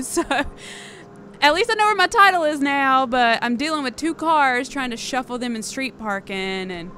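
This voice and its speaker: A young woman in her twenties co-hosting in a studio, telling a mishap in an animated, self-mocking way. Her voice is bright and a little high, and there is faint noise behind her. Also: measured pace. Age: 20s. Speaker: co-host. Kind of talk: casual storytelling chat.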